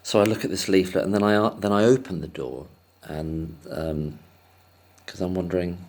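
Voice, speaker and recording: A man's voice: low-pitched, moderate pace, darkish tone. A man telling a casual, rambling story to camera, hesitant and self-deprecating, chuckling often. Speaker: vlogger.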